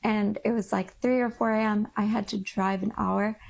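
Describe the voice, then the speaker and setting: A woman's voice: medium pitch, steady tone, normal speed, creaky, a little mellow. A young woman telling a candid vlog story in a frank, rambling, exasperated way. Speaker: vlogger.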